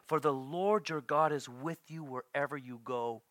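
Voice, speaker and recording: A man preaching a sermon, swinging from hushed whispers to loud acted-out bursts. His voice sits a little high and rings bright and forceful. The sound is dry and close, with no room around it. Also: moderate pace, dry recording. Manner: animated, acts out quotes with sudden loud bursts and soft whispers. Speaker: pastor.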